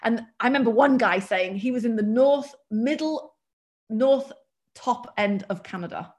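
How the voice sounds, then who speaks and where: A woman with a mild English accent, a guest telling work stories in a chatty, animated way. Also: a little high, measured pace. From England. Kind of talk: casual storytelling.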